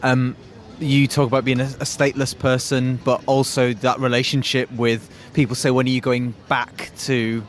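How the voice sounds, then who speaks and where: A man hosts a podcast and also interviews guests, speaking in a casual, enthusiastic way. His voice sits at an everyday pitch for a man. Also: level tone, normal speed. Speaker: podcast host.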